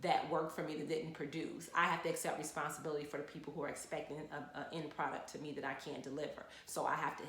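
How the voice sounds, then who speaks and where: A woman who works as a lawyer, giving frank, animated advice to the camera in a casual chat. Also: sits low, quick pace, hardly any pauses, reverberant, slight background noise. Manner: frank, animated storytelling with repeated phrases.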